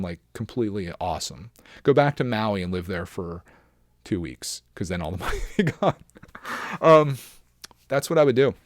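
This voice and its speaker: A man's voice: lowish voice, darkish tone, dry recording, clean studio sound. A man in his thirties hosting a casual solo podcast, chatting in an upbeat, encouraging, rambling way. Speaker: podcast host.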